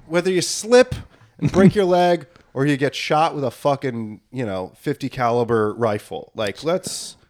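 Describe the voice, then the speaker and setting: A man's voice: medium pitch, unhurried, a little mellow. A young man co-hosting a casual comedy podcast, riffing and acting out silly scenarios. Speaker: podcast co-host.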